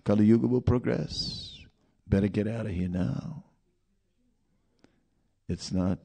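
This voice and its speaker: A male preacher talks slowly and unhurriedly, in a low, gravelly voice. His tone is warm and husky, and he tells his story through rhetorical questions and asides. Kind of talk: sermon.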